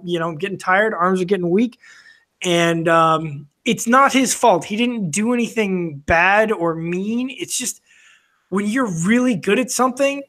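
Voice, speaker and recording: Bright-voiced rambling man telling a story. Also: sits high. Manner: rambling storytelling, many fillers and restarts. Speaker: podcast co-host. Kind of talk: casual chat over drinks.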